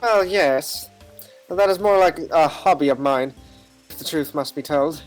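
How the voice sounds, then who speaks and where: Man putting on a stuffy old gentleman detective. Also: on the high side, faint music behind, lightly acted, low-quality recording. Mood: genteel. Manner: formal, stuffy, drawn-out phrasing.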